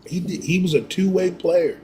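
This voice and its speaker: A man on a casual sports talk show, making his case in a measured way and listing stats. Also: high-pitched, fairly even intonation, warm tone, slight background noise. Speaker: co-host.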